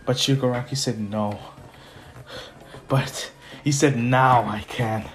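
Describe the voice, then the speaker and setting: A man voicing a smug, unhinged male villain in a retold fan story, gloating and excitable. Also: mid-range voice, takes it slowly, close to an everyday voice. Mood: menacing.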